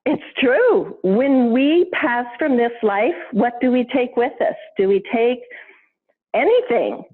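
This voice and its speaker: Female guest, somewhat high voice, animated storyteller who laughs easily, heard over a tinny phone line. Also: slow pace. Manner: animated, laughs often, expressive pitch swings. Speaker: podcast guest, intuition teacher. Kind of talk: conversational storytelling.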